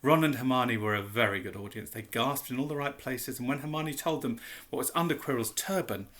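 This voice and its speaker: A man narrating a children's fantasy novel in a measured, expressive reading. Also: mid-range voice. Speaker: audiobook reader. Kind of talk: storybook narration.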